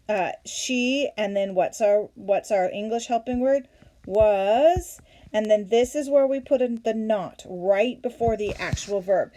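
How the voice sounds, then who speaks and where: A woman's voice: mid-range voice, darkish tone, slight background noise. A woman teaching a Latin grammar lesson, walking through examples patiently and answering her own questions. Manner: patient, step-by-step, asks questions then answers them. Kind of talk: classroom lesson walkthrough.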